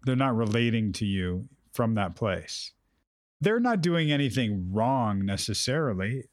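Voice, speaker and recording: A man counsels with direct, probing questions and emphatic restatements. His voice is dry and close, with no room sound. He pushes gently but firmly. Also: on the low side, very animated, measured pace, dry recording. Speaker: host, counselor. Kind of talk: therapeutic conversation.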